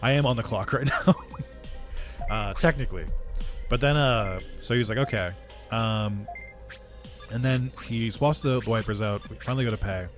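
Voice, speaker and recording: A man, a gaming video creator, casually telling a story over gameplay, animated, swearing and laughing as he acts out what people said. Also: lowish voice.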